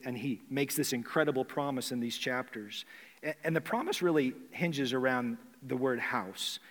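A man's voice: a little high, fairly bright tone, big-room sound. A man preaching a sermon as a pastor, talking in a conversational way with rhetorical questions and frequent restarts.

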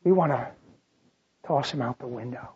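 A preacher delivering a sermon, shifting between loud, dramatic outbursts and quiet, drawn-out phrases. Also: medium pitch, breathy edge, dull audio.

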